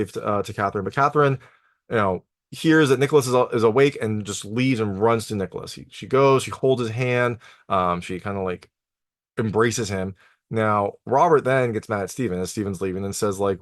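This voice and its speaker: A man's voice: lowish voice, fairly quick, a bit bright, dry recording, clean studio sound. A man hosting a TV review channel, casually recapping an episode with lots of filler words. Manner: conversational, lots of "like" and "you know" fillers. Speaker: TV review host.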